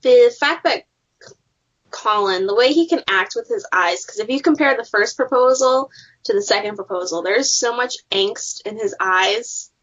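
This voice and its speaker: A woman's voice: on the high side, normal speed, a bit bright, breathy edge. A young woman co-hosting a casual fan podcast, chatty and full of "like" fillers. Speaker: podcast co-host. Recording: dull lo-fi sound.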